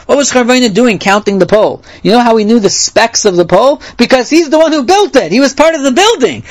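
A man teaches a Talmud passage and tells a parable, peppering his English with Hebrew terms. His voice sits notably high for a man. He often restarts his sentences and clears his throat. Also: expressive, a little fast. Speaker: Torah teacher.

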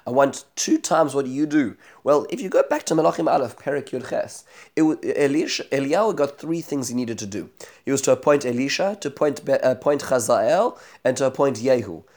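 Man, Bible class teacher, retelling a story, lots of ums and restarts, average pitch. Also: lively intonation, fairly quick, darkish tone. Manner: storytelling with many fillers and restarts, voicing quoted speakers. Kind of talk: Bible study lesson, retelling a chapter.

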